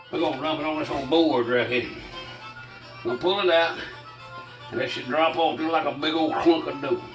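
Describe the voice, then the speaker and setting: A man's voice: mid-range voice, echoey room, far from the mic, poor audio. An older man with a Southern US accent, chatting folksily to viewers as he demonstrates a recipe in his home kitchen, a bit short of breath. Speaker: cooking channel host. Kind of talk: casual home cooking demonstration.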